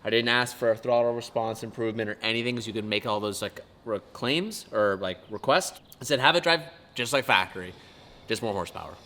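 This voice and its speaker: A young man hosting a casual car vlog, chatting excitedly with lots of "like" and "dude". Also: on the low side, brisk. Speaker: car vlogger host. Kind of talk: casual chat. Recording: loud background noise.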